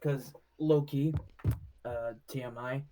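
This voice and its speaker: A man in a casual stream chat, speaking quietly and hesitantly. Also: medium pitch, steady tone, takes it slowly, slight background noise, rough recording.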